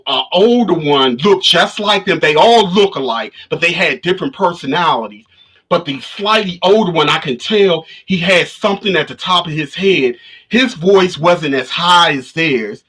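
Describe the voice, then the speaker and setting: Sitting high, fairly bright and slightly rough, a spiritual vlogger's voice carries a casual story to his livestream viewers. He rambles, starts over and repeats himself often, and the sound comes from his livestream setup's camera.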